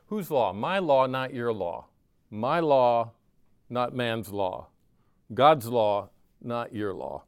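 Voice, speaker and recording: An older man preaching a sermon, lively and conversational, often asking his listeners "right?" and briefly acting out voices he quotes. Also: medium pitch, slow, smooth, no echo, studio quality. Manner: animated, asks the audience "right?" often, acts out quoted voices. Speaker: pastor.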